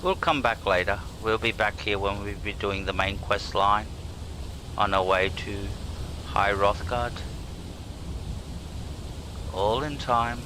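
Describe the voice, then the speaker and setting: A man's voice: on the low side, a little slow, noisy background. A man streaming a video game, chatting casually and rambling, swearing freely and chuckling at himself. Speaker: gaming streamer. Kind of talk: casual gameplay commentary.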